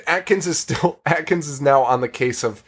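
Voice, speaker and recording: A man's voice: fairly high pitch, normal speed, breathy edge. A man hosting a podcast, recapping a horror film in casual chat, rambling, swearing and laughing often. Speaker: podcast host.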